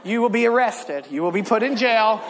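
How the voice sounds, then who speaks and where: Animated preacher man in a reverberant hall. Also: high-pitched, brisk, background noise. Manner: animated storytelling, bursts into loud shouts. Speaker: pastor. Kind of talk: sermon.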